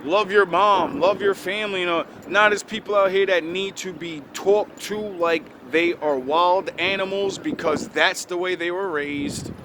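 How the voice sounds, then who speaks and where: A man's voice: high-pitched, measured pace, few pauses. A young man, delivering a blunt, profane, preachy motivational rant outdoors by a street. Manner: blunt, heavy cursing, preachy. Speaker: video creator. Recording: noisy outdoor street recording.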